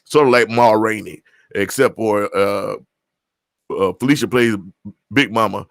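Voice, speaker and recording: Man, casual livestream host, rambling chat, lowish voice, dry close sound. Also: measured pace, gravelly, dry recording. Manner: rambling, chatty, self-interrupting.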